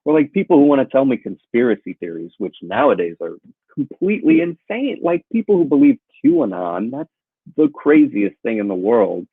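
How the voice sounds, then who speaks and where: A man delivers a stand-up routine in a deadpan way, letting dry punchlines land flat. His pitch still swings widely and his voice is husky. The sound is thin and tinny, like a phone line. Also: moderate pace, no room sound. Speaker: comedian guest. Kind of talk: stand-up routine over a call.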